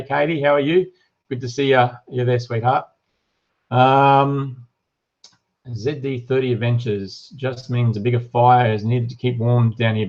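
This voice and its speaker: Chatty Australian man, dull lo-fi stream. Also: mid-range voice. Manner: chatty, reads viewer comments aloud, lots of ums and uhs. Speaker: livestream host and shop owner. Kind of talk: casual live-stream chat.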